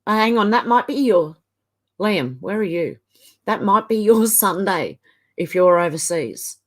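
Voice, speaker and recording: A woman from Australia reads viewer comments on her livestream in an expressive, mid-range voice at a measured pace. The talk is casual and chatty, punctuated by frequent chuckles.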